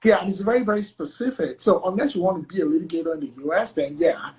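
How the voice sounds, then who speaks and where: A man's voice: high-pitched, quick pace, low-quality recording. A man from Nigeria, a guest attorney, talking casually in an interview and dropping "like" again and again. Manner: chatty, heavy use of "like" as filler; acts out quoted exchanges in lively voices.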